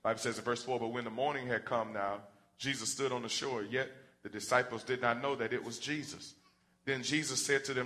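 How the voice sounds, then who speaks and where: Man preaching a sermon, animated, acts out Bible characters, bright forceful tone. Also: mid-range voice, moderate pace.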